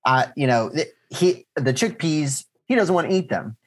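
A man co-hosting a podcast in casual chat, teasing and wry, with a husky voice. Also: a little high, expressive, moderate pace. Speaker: podcast co-host.

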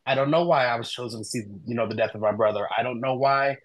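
A man, a guest on a podcast, telling personal stories in an animated, conversational way and acting out the voices of friends he quotes. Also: mid-range voice, fast, no room sound, poor audio. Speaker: guest, human design reader and author.

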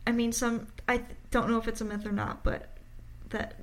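A young woman in casual chat, curious and asking questions in a relaxed way. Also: on the high side, moderate pace, rough recording.

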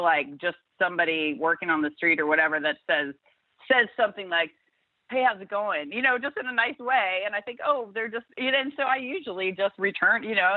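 A woman guest in a casual podcast conversation, talking haltingly with many restarts. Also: mid-range voice, no room sound, narrow, tinny audio.

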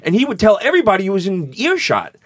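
A man's voice: sits high, huge pitch swings, fast, dry recording. A man hosting a casual chat, telling long rambling stories with crude language and many restarts.

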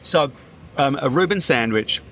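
Bright-voiced man telling vivid stories. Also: medium pitch, expressive, measured pace, a little hiss or hum. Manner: vivid, theatrical storyteller. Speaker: podcast guest, comedian. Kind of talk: casual storytelling chat.

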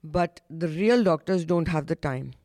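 Measured woman panelist. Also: sits low, mellow, no echo. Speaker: podcast panelist. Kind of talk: casual panel chat.

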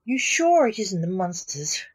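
A woman's voice: mid-range voice, big pitch swings, unhurried, breathy edge. Woman doing a lazy, teasing grim reaper king. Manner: offhand, teasing.

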